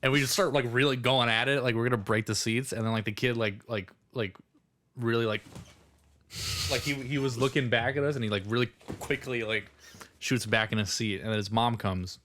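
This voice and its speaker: A man's voice: mid-range voice, fairly even intonation, a little fast, fairly bright tone, a little hiss or hum. A young man on a casual podcast, rambling through a story, laughing often and acting out the people in it. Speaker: podcast co-host.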